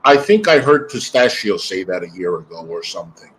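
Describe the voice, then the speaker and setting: A man hosting a stream, chatting in an animated, teasing way. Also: sits low, fairly quick, a little hiss or hum, rough recording. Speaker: stream host. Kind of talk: casual chat on a stream.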